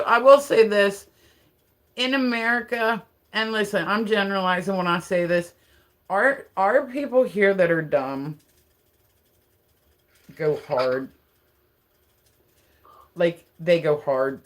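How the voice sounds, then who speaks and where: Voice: medium pitch, slow pace, long pauses, a bit bright. Livestream host, loose and rambling, heavy on fillers, laughs often. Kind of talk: casual livestream chat.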